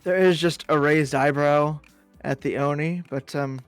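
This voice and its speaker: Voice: mid-range voice, fairly even intonation, measured pace, smooth, dry recording, soft background music. A player in a tabletop role-playing game, moving between in-character talk and out-of-character asides and repeating words when unsure.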